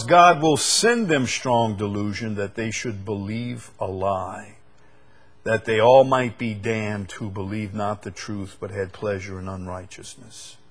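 A man preaching a sermon who swings from loud, emphatic declarations down to low, quiet scripture reading. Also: husky.

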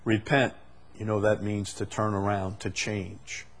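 A man preaching a sermon, moving from quiet, conversational explanation to loud, emphatic, repeated declarations. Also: lowish voice, little pitch movement, a little slow. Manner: swings from quiet explaining to shouted emphatic climaxes.

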